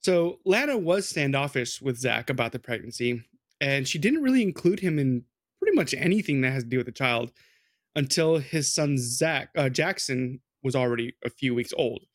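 A man's voice: mid-range voice, expressive, normal speed, no echo. Guy rambling through a true crime story on a podcast, lots of dude and like, dead dry mic. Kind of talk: casual storytelling chat.

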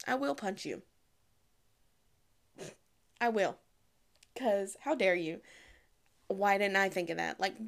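Young woman, casual advice vlog, candid and chatty, mid-pitched, some vocal fry. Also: normal speed. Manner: chatty, candid, acts out quoted voices. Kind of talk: casual advice talk to camera.

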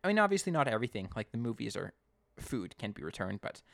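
A man casually recapping an episode as a podcast co-host, chatty and animated. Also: medium pitch, fast, gravelly, no echo, clean studio sound. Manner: chatty, animated storytelling with acted quotes.

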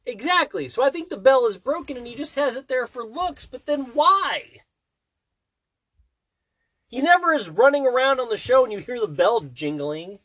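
A woman's voice: a little high, animated, moderate pace, fairly bright tone, no echo. A woman in casual chat with her child, playful, asking lots of questions and often laughing mid-sentence.

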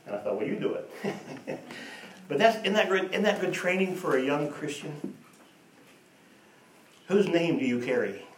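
A man preaching a sermon, telling stories and moving between hushed and emphatic delivery. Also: fairly high pitch, expressive, unhurried, pauses often, slight background noise. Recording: echoey room, voice from a distance.

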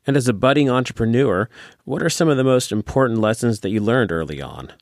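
A man's voice: medium pitch, animated, brisk, no echo, clean studio sound. A man hosting an interview, asking questions in a friendly way.

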